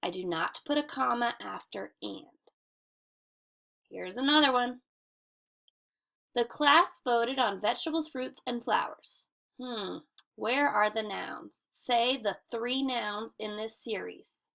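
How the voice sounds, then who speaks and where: A woman teacher giving a recorded grammar lesson for children, speaking clearly and deliberately and slowing down to model reading aloud. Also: on the high side, pushed and bright.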